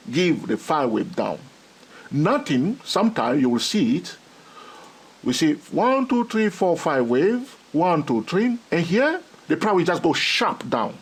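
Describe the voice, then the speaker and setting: Animated husky man teaching trading. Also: fairly high pitch. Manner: repeats "all right?" and "okay?" constantly, laughs often; animated, gets excited about his subject. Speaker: trading educator. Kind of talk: excitable teaching monologue.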